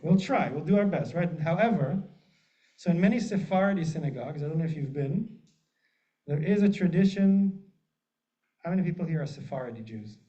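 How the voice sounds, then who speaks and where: A man, a rabbi, teaching a group in a relaxed, joking way and often checking in with the room. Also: fairly high pitch, normal speed, long pauses. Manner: chatty, jokey, asks the group often. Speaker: rabbi leading a class. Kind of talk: casual teaching with humor. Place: synagogue classroom with a group. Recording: muffled lo-fi room recording.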